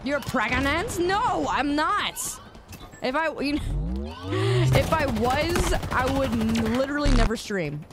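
A woman's voice: high voice, lively intonation, a little slow. A woman streaming a game, chatting playfully with her chat and laughing and protesting as she plays. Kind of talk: casual live-stream chatter.

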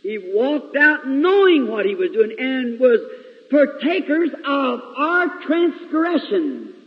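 A man preaching a sermon in a large church, storytelling dramatically with sudden swings between loud and hushed delivery. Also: extremely high pitch, sing-song, takes it slowly, slightly rough. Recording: lo-fi 1950s reel recording, long hall reverb.

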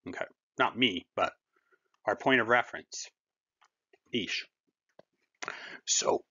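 A man teaching a German lesson to learners, explaining words slowly and patiently in a friendly, encouraging way. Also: fairly low pitch, sharp tone, husky, highs cut off. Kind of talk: recorded language lesson.

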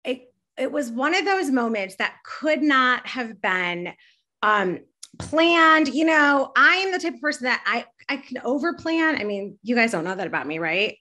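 Gushing woman host, higher voice. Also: animated, moderate pace, bright, forceful tone. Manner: gushing, enthusiastic, rambling. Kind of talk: casual interview chat.

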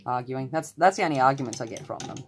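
An Australian woman with a low voice talks through her colouring in a relaxed, chatty way. She drifts into rambling side stories and pokes fun at herself. It sounds like a room at home. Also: fast, music in the background. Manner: chatty, rambling asides, self-deprecating. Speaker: colouring channel host. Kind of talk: casual tutorial chat while colouring. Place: room at home with the door closed.

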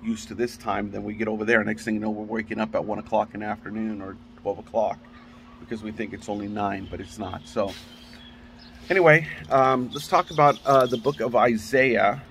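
A man with a somewhat low voice leads a relaxed Bible study. He talks in a loose, conversational way, often restarting his sentences. A faint background noise sits under his voice. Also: a little fast, creaky. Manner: conversational and rambling, with frequent restarts. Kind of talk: casual Bible study teaching.

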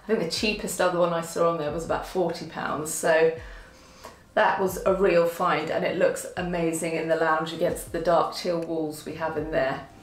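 A woman chatting casually to camera about things she found for her home, self-deprecating and quick to laugh. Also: deep voice, fairly even intonation, roomy sound. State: out of breath from lifting. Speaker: vlogger showing a home haul. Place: at home, indoors.

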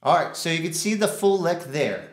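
A man's voice: on the high side, very animated, moderate pace, roomy sound, over loud music. A man teaching drums in a casual way, counting out stickings and humming rhythms. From United States. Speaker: drum teacher. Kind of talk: casual instructional talk.

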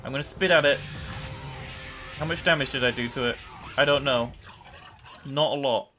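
Young guy doing a chatty lets play, gets loud and excited, middle pitched voice, quiet game music underneath. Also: moderate pace. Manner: chatty, excitable, often laughing and yelling at the game. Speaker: gameplay commentator. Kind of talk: casual let's-play commentary.

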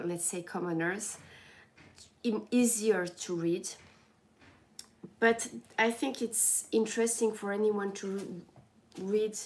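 A young woman chatting casually to her viewers in a groggy morning voice, halting and restarting often. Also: medium pitch, slight background noise. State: sleepy morning voice. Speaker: lifestyle livestreamer.

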